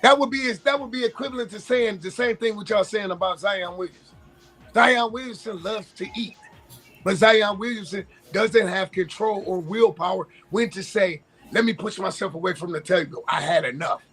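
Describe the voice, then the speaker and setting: A man's voice: sits high, fairly bright tone, breathy edge, faint music behind. A man co-hosting a sports talk show, arguing his points and thinking aloud as he goes. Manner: argumentative, pauses to think aloud. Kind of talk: casual sports chat.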